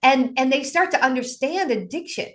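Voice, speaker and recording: A woman's voice: high-pitched, normal speed. Woman coach telling vivid client stories. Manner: acts out clients' voices with lively, dramatic shifts. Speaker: addiction coach guest. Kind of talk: animated storytelling in a podcast interview.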